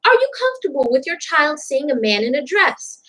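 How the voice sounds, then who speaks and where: A woman's voice: sits high, sing-song, brisk, bright, forceful tone, low-quality recording. A young woman commenting on a TV clip in a reaction vlog, outspoken and indignant, stressing her points with emphasis.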